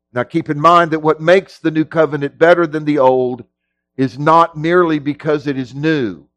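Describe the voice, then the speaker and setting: A middle-aged male pastor preaching a sermon in a folksy way, moving between low, quiet teaching and loud shouting. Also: dry recording. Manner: folksy, drops into casual grammar.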